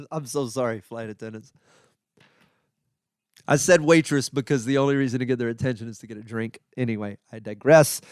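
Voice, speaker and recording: A man hosting a comedy podcast, riffing sarcastically in a rambling, profane monologue full of restarts and sudden high exclaims. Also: smooth, dry recording, studio quality. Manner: jumps into high exclaims for emphasis. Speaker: podcast host.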